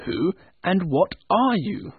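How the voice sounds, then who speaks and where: A man voicing a fearful old miser, his voice pushed strained and high. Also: big pitch swings, slow, slightly rough, no echo, full character voice. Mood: nervous. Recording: tinny phone-like dry sound.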